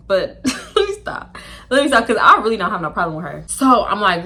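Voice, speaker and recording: A young woman telling a casual storytime, chatty and animated, acting out quoted dialogue with laughs. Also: mid-range voice, fairly quick. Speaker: storytime YouTuber.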